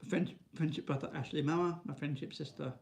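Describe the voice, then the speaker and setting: Bloke vlogging, kinda gravelly, rambles and keeps saying right. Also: male voice, steady tone, fast talker, a little mellow. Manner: rambling, restarts, frequent "right?"; high sing-song baby talk to his dog. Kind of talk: casual chat to camera.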